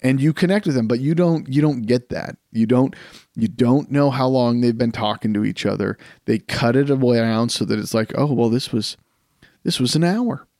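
A man with a gravelly, fry-laced voice holds forth on a casual podcast, circling back and restarting his points as he goes. He sits close to the mic in a dry, dead room. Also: mid-range voice, moderate pace, dry recording. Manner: rambling, animated storytelling with many restarts. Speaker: podcast co-host.

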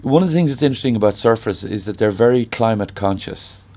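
Low-voiced Irish man in his sixties. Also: lively intonation, quick pace, mellow. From Ireland. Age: 60s. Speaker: singer-songwriter guest. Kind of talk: reflective conversational interview.

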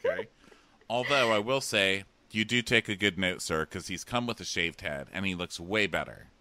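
Snarky gossiping man, bright voice. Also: low-pitched, normal speed, no room sound. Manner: snarky, gossipy, crude jokes, acts out quotes. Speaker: podcast co-host. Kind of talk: casual chat recapping a reality dating show.

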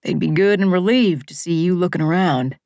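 Woman reader doing a kind middle-aged rescue man, lowish, soft drawl, audiobook. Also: brisk, no room sound, studio quality, lightly acted. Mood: gentle coaxing. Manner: gentle, drawling, coaxing. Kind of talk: audiobook character voice.

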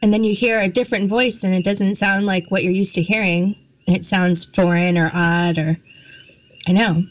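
Woman, podcast co-host, casual, playful, mid pitch. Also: steady tone, normal speed, no echo, rough recording. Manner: light, laughing, playful. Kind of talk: casual chat.

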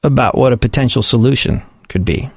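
A man's voice: medium pitch, brisk, husky, no room sound, clean studio sound. A man giving sarcastic comedic commentary on the news and often laughing at his own points.

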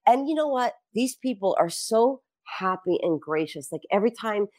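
Animated, swearing storytelling woman. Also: mid-range voice, normal speed. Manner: animated storyteller who swears and acts out quotes. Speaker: guest. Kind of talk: casual chat.

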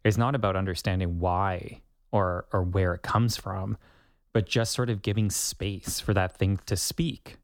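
A man's voice: deep voice, fairly even intonation, a little slow, dry recording, studio quality. A man co-hosting a podcast, talking casually and playfully with homely analogies. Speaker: podcast co-host.

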